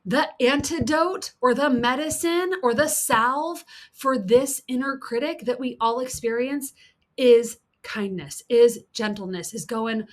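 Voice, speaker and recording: A woman's voice: a little high, measured pace. Earnest woman coaching on self-kindness. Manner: earnest, repeats key points for emphasis; acts out the inner critic's voice. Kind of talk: motivational teaching talk.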